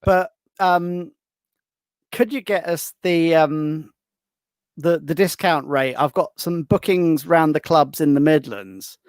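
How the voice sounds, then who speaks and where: Speaking at a slow pace in a dry recording, this man has a slightly high voice. He's an author on a podcast, chatting casually and sharing anecdotes with plenty of energy, though he often starts his sentences over.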